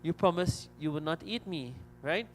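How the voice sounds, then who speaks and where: A man's voice: fairly high pitch, expressive, moderate pace, long reverb tail, a little hiss or hum, natural voice. Man playing a pleading little boy in a sermon fable; near his own voice. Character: small trapped boy, pleading.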